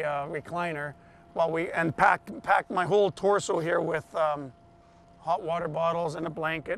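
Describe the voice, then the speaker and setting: A man being interviewed, telling a personal story in an animated way and acting out the voices of the people he quotes. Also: on the high side, slight background noise.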